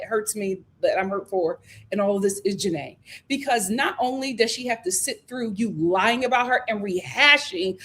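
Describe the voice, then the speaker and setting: Sassy and full of energy, this commentary channel host talks reality-show gossip in a high voice. Her delivery swings from shouted outbursts to low, stretched-out asides.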